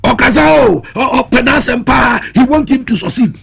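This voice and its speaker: A man's voice: very high-pitched, brisk, vocal fry, fairly bright tone, slightly rough. A Ghanaian man giving heated political commentary on a talk show, impassioned and challenging, switching between Twi and English.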